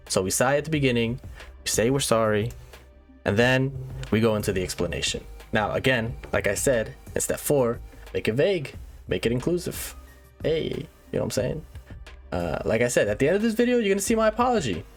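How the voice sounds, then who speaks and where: A man hosting a satirical tutorial monologue, mock-serious and lively, checking in with "all right?" again and again. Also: medium pitch, brisk, faint music behind. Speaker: comedic YouTuber host.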